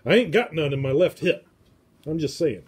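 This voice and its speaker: A man's voice: on the high side, expressive, normal speed, darkish tone, slightly rough. A man hosting a casual livestream from home. He rambles and drops crude jokes as he talks. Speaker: show host.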